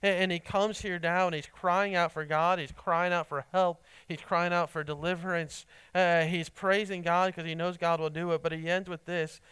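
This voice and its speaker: Earnest preacher man, smooth and dry. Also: high-pitched, little pitch movement, moderate pace, hardly any pauses, dry recording. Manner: earnest, pleading, drops to a hushed voice in prayer. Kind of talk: sermon with closing prayer.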